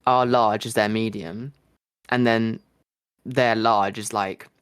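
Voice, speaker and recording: A man from the United Kingdom hosting a podcast, chatting casually in quick rambling bursts with lots of fillers. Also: lowish voice, steady tone, a bit bright, smooth. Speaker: podcast host. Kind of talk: casual chat.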